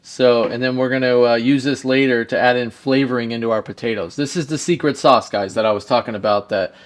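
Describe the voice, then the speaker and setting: A man's voice: medium pitch, fairly even intonation, fairly quick. A man hosting a casual cooking demonstration, talking straight to the viewers with lots of jokes. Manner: jokey, talks straight to viewers. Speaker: home cook.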